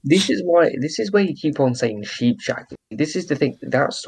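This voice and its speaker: A man's voice: a little high, expressive, moderate pace, creaky, crowd noise. A man co-hosting a gaming podcast, joking and bantering in casual chat. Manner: bantering, jokey. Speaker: podcast co-host.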